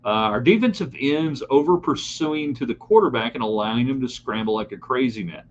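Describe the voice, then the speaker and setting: A middle-aged man hosts a live sports talk show, opinionated and talking straight to his listeners. His voice sits at an ordinary pitch. The sound is a bit dull, with a faint hum behind it. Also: lively intonation, a little fast. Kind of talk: live sports talk broadcast reading chat comments.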